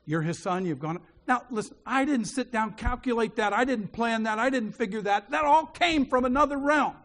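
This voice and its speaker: A man preaching a sermon, telling a story and acting out the voices in it, dropping to a hushed voice when he quotes a prayer. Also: extremely high pitch, moderate pace. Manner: animated storyteller who acts out the dialogue.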